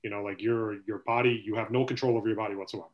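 A man's voice: on the low side, steady tone, racing, muffled recording. A man hosting a casual sports podcast, rambling and swearing, with a lot of "you know" filler. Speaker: podcast host.

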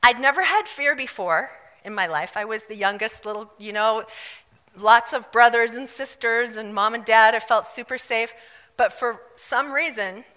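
A woman from South Africa preaching a fervent, emphatic sermon with loud bursts of declaration. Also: fairly high pitch, moderate pace, long reverb tail. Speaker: pastor.

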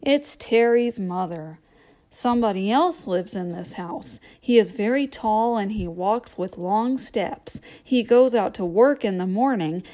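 A woman's voice: medium pitch, dark tone. A woman reading a children's storybook aloud as a playful guessing game.

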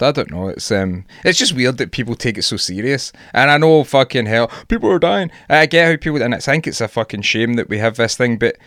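A man's voice: medium pitch, animated, fairly quick, few pauses, a bit bright, no echo. Sweary scottish man, dry close mic. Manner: sweary, rambling, laughs often. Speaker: podcast co-host. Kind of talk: casual chat.

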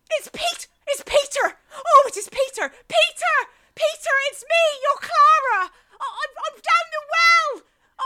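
A lonely, desperate young woman stuck down a well, acted by a woman calls out in breathless, pleading cries. Her voice is high and bright, and she delivers the melodrama slowly and deliberately, with wild leaps in pitch. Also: heavily acted. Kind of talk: melodramatic monologue.

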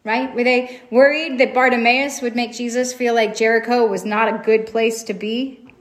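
A woman's voice: a little high, steady tone, normal speed. A woman preaching a sermon, retelling a story in a reflective way and asking rhetorical questions.

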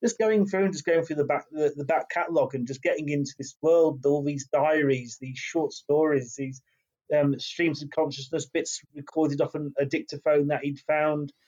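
Male podcast guest, higher-pitched, enthusiastic and gushing. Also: fairly even intonation, darkish tone, muffled recording. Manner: enthusiastic, gushing, halting with fillers. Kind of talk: casual podcast chat.

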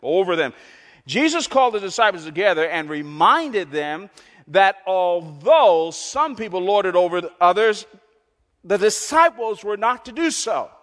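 A man with a high voice preaches to a congregation, pressing his points by repeating them. He rises to loud, lifted lines and drops to near-whispers. The sound carries the long ring of a large hall. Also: big pitch swings, a little slow. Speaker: pastor. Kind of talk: sermon.

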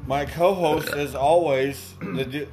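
A young man hosting a casual podcast among friends, with a voice pitched a touch high. He jokes loudly, swears freely and ribs his co-hosts. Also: fairly even intonation, slow pace, music in the background. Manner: loud, joking and profane. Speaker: podcast host. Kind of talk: casual chat.

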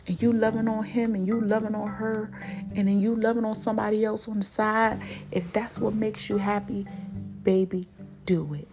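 Woman podcast host, emphatic and candid, mid-range voice, clear guitar bed behind. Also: medium pitch. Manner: emphatic, repeats herself for stress. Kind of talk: candid solo opinion talk. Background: guitar music.

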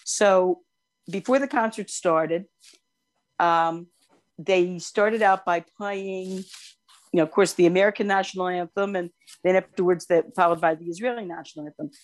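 An older woman co-hosting a podcast, telling long personal stories in casual chat, animated and quick to gush. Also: on the low side. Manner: animated storyteller, gushing over cute animals. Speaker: podcast co-host.

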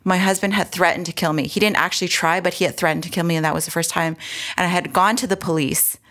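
A woman's voice: on the low side, steady tone, fast, fairly bright tone. A woman, earnestly telling her own story as an interview guest, with frequent restarts and asides. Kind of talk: personal storytelling in conversation.

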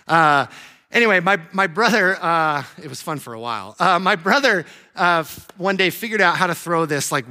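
A young adult male pastor preaching a sermon in a conversational, animated way, acting out quoted voices. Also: fairly high pitch.

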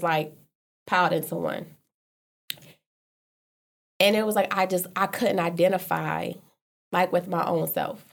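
A woman's voice: mid-range voice, creaky. A woman candidly telling a personal story in loose, casual conversation, often restarting and filling with "like". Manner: earnest, repeats herself with "like", loose casual speech. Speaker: guest sharing a personal story.

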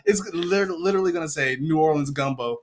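A man on a casual podcast goes off on tangents and plays out mock conversations. His voice sits a touch high for a man. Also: brisk. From Southern US, Louisiana. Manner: ranting, acts out mock dialogues. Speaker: podcast co-host and cook. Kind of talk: casual chat.

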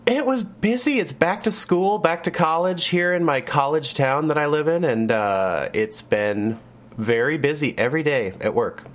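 A man's voice: fairly high pitch, expressive, normal speed. A young man co-hosting a casual comedy podcast, joking and riffing. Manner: joking, mock-announcer delivery. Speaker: podcast co-host.

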